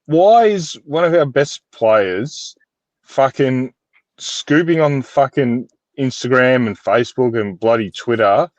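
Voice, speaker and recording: A man's voice: mid-range voice, expressive, takes it slowly, darkish tone, dry recording. A man in casual chat on a call, ranting with fired-up emphasis. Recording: dull dry video-call audio.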